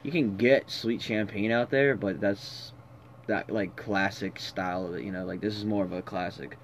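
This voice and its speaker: A young man in casual chat among friends, calmly explaining wine terms in a laid-back way. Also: lowish voice, normal speed, a little hiss or hum.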